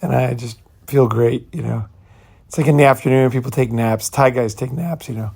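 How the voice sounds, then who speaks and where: A man hosting his own channel rambles loosely, leaning on "you know" and "right," blunt and sometimes profane. His mid-pitched voice is creaky and darkish, delivered at a normal speed.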